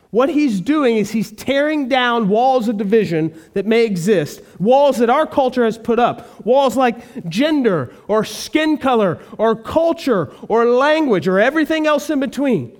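A man's voice: extremely high pitch, expressive, unhurried. A male pastor preaching a sermon, earnest and emphatic, repeating key phrases for weight.

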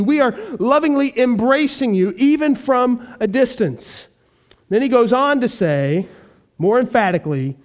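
A male pastor preaching a sermon, earnest and emphatic, repeating key phrases for weight. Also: very high voice.

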